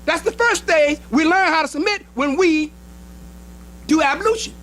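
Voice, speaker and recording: A minister preaching a sermon in an emphatic style, with short repeated phrases and speech. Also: male voice, very high-pitched, moderate pace, a bit bright, a little hiss or hum, low-quality recording. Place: temple hall.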